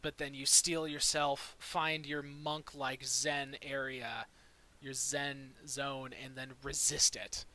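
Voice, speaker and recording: A man's voice: mid-range voice, little pitch movement, slow, pushed and bright. A young man running a tabletop game as dungeon master, narrating in a laid-back way with many fillers.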